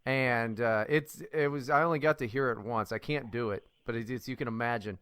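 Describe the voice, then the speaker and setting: A man's voice: medium pitch, fairly even intonation, a little fast, fairly bright tone, clear, resonant tone, dry recording, studio quality. A male podcast host in casual chat, crude and mocking in his talk.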